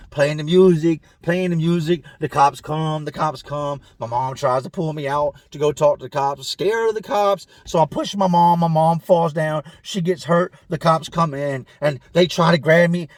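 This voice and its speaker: A man's voice: fairly high pitch, no room sound, clean studio sound, voice pushed up, lightly acted. A man voicing a distraught young male inmate who sobs for his mother in short, repeated, broken phrases. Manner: repetitive, broken, pleading phrases.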